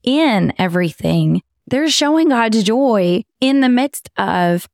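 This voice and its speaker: Raspy Texan woman with a Southern twang. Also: fairly high pitch, takes it slowly, no echo, studio quality. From Texas. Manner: lively, emphatic, talks straight to listeners. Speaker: podcast co-host. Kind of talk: casual faith podcast chat.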